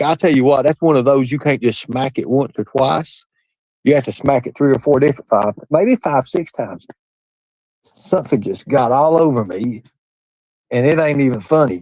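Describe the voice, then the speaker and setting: A man's voice: medium pitch, darkish tone, no room sound, rough recording. A man hosting a livestream, chatting with his audience in a crude, boastful, rambling way and laughing often. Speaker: livestream host. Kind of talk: casual chat with a live audience.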